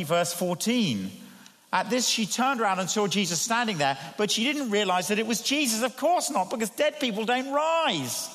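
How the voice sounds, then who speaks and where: A man preaching a sermon, his voice rising to emphatic peaks and dropping to hushed tones. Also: sits high. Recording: long hall reverb.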